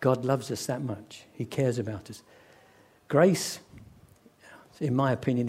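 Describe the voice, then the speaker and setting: Male preacher, mellow tone, lively storyteller voicing characters. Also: mid-range voice, husky. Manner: storytelling, acts out quoted voices, slows for emphasis. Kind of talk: sermon.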